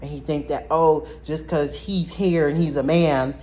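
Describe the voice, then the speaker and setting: A woman telling viewers a personal story in a casual vlog, talking in an animated, blunt way and addressing them directly. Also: deep voice, a little slow, a little hiss or hum.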